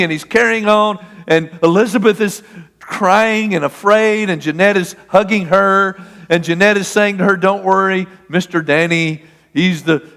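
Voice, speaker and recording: A man preaching a sermon, telling a personal story with animation and acting out the shouting. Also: sits high. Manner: storytelling, animated, acts out the argument. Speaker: pastor. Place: church sanctuary. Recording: long hall reverb.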